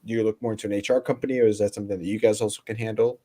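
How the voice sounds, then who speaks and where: A man's voice: lowish voice, flat delivery, very fast, dark tone. A man hosting a podcast, easygoing and chatty, asking loose questions and laughing often. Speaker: podcast host. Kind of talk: casual interview chat.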